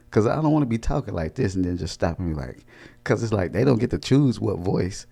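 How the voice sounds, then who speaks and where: A man's voice: fairly low pitch, expressive, fairly quick, gravelly, mellow. A young man in his twenties chatting casually at home into a desk mic, joking loosely, laughing often, and using a lot of slang. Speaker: vlogger. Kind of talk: casual rambling chat.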